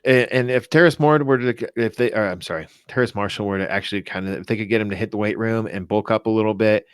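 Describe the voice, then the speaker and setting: A man's voice: fairly low pitch, fast, smooth, no room sound, clean studio sound. A man co-hosting a fantasy football podcast, talking casually with many restarts and self-corrections. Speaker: podcast co-host.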